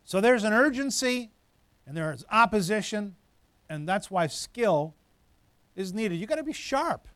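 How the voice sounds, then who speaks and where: A man's voice: sits high, big pitch swings, a little slow, a bit bright, no echo. A middle-aged man preaching a sermon in a conversational, storytelling way with emphatic build-ups. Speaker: pastor.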